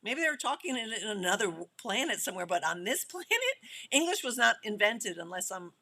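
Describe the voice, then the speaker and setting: In a relaxed interview, a middle-aged female film director talks briskly in a mid-range voice, full of animation, frequently breaking into laughter and starting sentences over.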